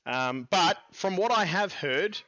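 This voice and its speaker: Bright, playful Australian podcast bloke. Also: male voice, sits high, lively intonation, slow, lo-fi sound. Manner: playful, bantering, jokey storytelling. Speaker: podcast co-host. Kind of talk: casual chat.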